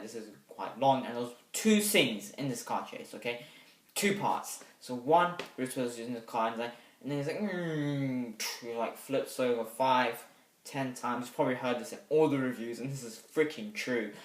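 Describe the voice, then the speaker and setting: Casual young male reviewer, mid-pitched, hesitant with loud bursts, roomy and distant mic. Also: moderate pace. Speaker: movie reviewer. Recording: echoey room, mic set back.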